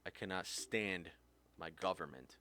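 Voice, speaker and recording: A man's voice: low-pitched, a little slow, bright, forceful tone. A man hosting a podcast, ranting heatedly, swearing often, his voice jumping up when he gets angry. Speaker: podcast host. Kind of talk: impassioned rant.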